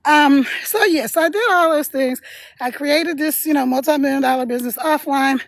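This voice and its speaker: A woman's voice: high voice, moderate pace, dry recording. A middle-aged woman chatting casually to livestream viewers while walking uphill outdoors, a little out of breath and laughing often. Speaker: live streamer and online business coach. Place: outdoors on a hill.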